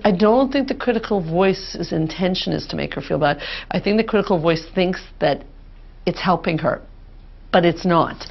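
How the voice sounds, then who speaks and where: A woman therapist, calmly and steadily guiding a client through an exercise, on a dull lo-fi recording. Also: fairly low pitch, moderate pace, creaky. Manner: calm, directive, steady.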